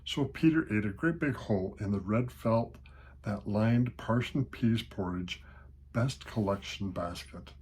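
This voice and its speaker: An older man with a husky voice reading a children's storybook aloud at a steady, unhurried pace. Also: fairly low pitch, a little hiss or hum.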